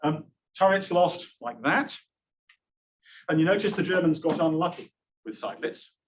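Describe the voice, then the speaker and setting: A man's voice: on the high side, expressive, moderate pace, slight background noise, poor audio. A man giving an academic lecture, with wry asides and frequent "um" restarts. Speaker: conference presenter.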